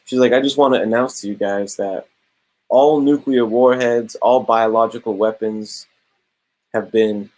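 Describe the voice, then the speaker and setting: A young man casually reviewing a comic book, talking in a relaxed, slangy way. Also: lowish voice, unhurried, rough recording. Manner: laid-back slangy, drops "bro" and "straight up".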